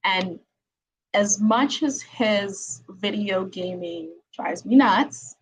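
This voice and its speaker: A woman's voice: mid-range voice, drawn-out words, slight background noise, low-quality recording. A middle-aged woman hosting a live-streamed interview podcast from home. She chats casually and laughs often, with many ums and tag questions. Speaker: podcast host, attorney.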